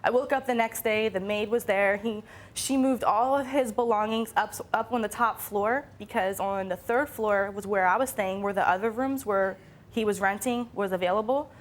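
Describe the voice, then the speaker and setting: A woman's voice: mid-range voice, normal speed. A young woman from Philadelphia, the plaintiff on a courtroom show, telling her story in an upset and indignant way.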